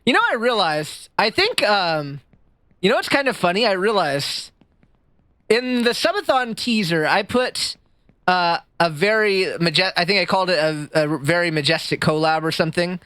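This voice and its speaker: Male streamer, casual stream chat: high voice, swooping animated delivery, self-deprecating humor. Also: moderate pace, smooth, no echo. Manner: animated, goofy, self-deprecating, chats with viewers. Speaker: livestreamer. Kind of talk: casual live-stream chat while gaming.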